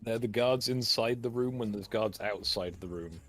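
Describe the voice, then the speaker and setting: A man's voice: fairly low pitch, normal speed, fairly bright tone. A man playing a tabletop game, dry and joking. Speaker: player. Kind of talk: tabletop role-play.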